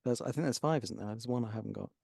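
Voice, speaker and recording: A man's voice: mid-range voice, rapid-fire, creaky, dark tone, husky, no echo. A man playing a tabletop role-playing game, joking and laughing often. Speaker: player. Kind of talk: casual game table chat.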